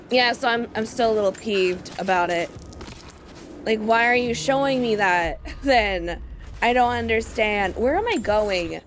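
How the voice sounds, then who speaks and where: A young woman streaming a game, chatting casually in animated, laughing rants. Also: mid-range voice, slight background noise. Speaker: gaming streamer. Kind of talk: casual let's-play chat.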